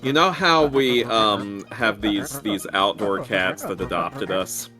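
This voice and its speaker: Stream host, male, lowish voice, playful and chatty. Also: slow pace, music in the background. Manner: playful, jokey. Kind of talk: casual chat over gameplay.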